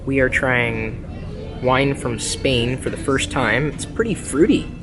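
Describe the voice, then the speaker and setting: Over music, a man hosting a casual vlog speaks slowly at a medium pitch. He jokes with his partner and describes the food, moving between a restaurant and a parking garage.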